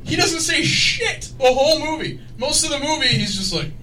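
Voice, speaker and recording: Animated joking man in a loud bar. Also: very high voice, moderate pace. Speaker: podcast co-host. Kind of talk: casual tipsy bar chat. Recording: distant mic in a noisy bar.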